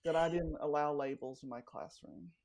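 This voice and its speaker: A woman's voice: low-pitched, moderate pace. A middle-aged woman life coach telling stories in a casual interview, acting out the voices she quotes. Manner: animated storyteller, acts out quoted dialogue.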